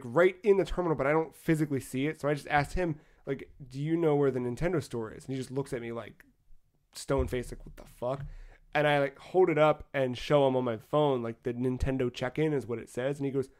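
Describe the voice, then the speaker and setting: A man co-hosting a podcast, telling a travel story in a casual, animated way with frequent swearing. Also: medium pitch, quick pace, hardly any pauses. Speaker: podcast co-host.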